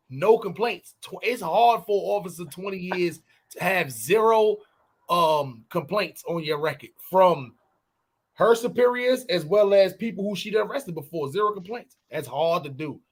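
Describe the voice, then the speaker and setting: A man co-hosting a podcast, telling stories in loose, profane casual chat and breaking into shouted impressions. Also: high voice. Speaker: podcast co-host.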